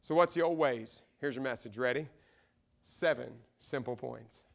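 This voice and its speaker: A man with a Midwestern American accent preaching a sermon in a church, swinging from loud, emphatic repeated lines to hushed asides. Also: medium pitch, moderate pace, gravelly. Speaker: pastor. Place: church sanctuary.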